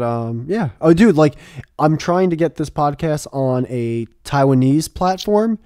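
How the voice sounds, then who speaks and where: A man hosting a podcast, chatting casually over an online call, animated, swearing a lot and laughing often. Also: mid-range voice, no echo, clean studio sound. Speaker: podcast host. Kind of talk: casual chat.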